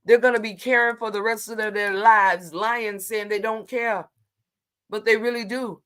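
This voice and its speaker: A woman hosting a relaxed livestream chat, reacting to viewer comments as she goes. She talks in a sassy, emphatic, down-to-earth way and draws out her exclamations. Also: on the high side, smooth. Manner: colloquial, drawn-out exclamations.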